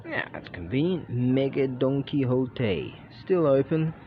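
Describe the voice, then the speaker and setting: An Australian man rambles through a casual vlog, his pitch swinging widely as he jokes, swears and chuckles to himself. He talks in a slow, unhurried way. The sound is a bit muffled, with clear street noise all around him. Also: big pitch swings. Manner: chatty, swears freely, laughs at his own jokes. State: sleepy. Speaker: vlogger.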